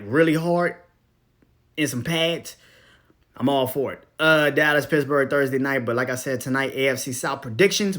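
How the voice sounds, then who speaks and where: A young man with a middle-pitched voice hosts his own podcast in a loose, profane rant. He talks bluntly, laughs between thoughts, and drifts from loud bursts to low mumbles. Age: young adult. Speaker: podcast host. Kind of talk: casual ranting monologue.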